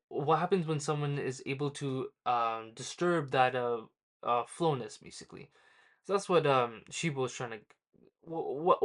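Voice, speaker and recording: A man casually reviewing a manga chapter, rambling with lots of ums and uhs as he loosely retells scenes. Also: mid-range voice.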